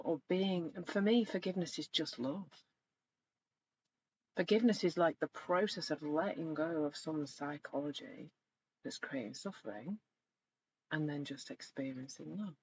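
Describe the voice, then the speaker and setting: A middle-aged woman coaching in a live online session, speaking reflectively and gently and growing animated when she retells stories. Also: sits low, a little slow. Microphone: video call. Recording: slightly dull lo-fi sound with faint noise.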